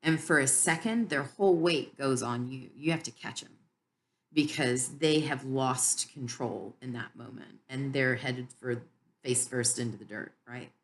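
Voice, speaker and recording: A woman giving an earnest, heartfelt Bible teaching about her own life, with frequent pauses. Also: a bass voice. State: tearful. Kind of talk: personal devotional teaching.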